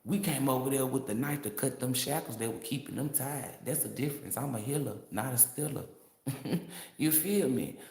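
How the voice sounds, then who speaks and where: A man's voice: mid-range voice, normal speed, vocal fry, darkish tone. Brash, profane man in an echoey room. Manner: brash, profane, laughing often. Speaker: tarot reader. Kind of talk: casual livestream rant. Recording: roomy echo.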